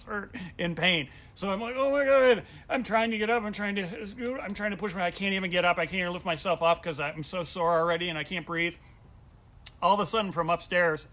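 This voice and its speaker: A man with a bright, fairly high voice spins a funny personal tale in a loose, chatty way. He throws himself into the quotes, leaping up in pitch and volume when he acts out the panic. A soft room hum sits underneath. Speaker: comedian telling a story. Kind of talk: casual comedic storytelling. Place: home during quarantine.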